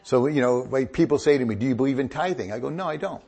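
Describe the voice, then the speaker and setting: A man's voice: mid-range voice, fast, warm tone, breathy edge. A middle-aged male pastor preaching a sermon, joking with the congregation and rising into emphatic bursts.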